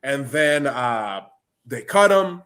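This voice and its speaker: A man's voice: mid-range voice, very animated, takes it slowly, sharp tone. A man co-hosting a casual podcast, rambling and laid-back with many restarts. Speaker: podcast co-host. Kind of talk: casual chat.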